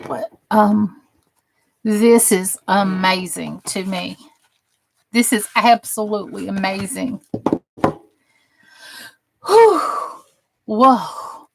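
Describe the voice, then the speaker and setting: A woman's voice: medium pitch, fairly even intonation, slow, gravelly, slight background noise. A woman hosting a casual crafting live stream, chatting with viewers and gushing over the crafts she shows. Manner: gushing and admiring, chatty asides.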